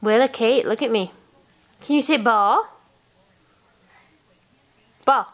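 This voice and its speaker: A woman's voice: fairly high pitch, takes it slowly. A young woman talking to a toddler in coaxing, repetitive, sing-song baby talk for a home video.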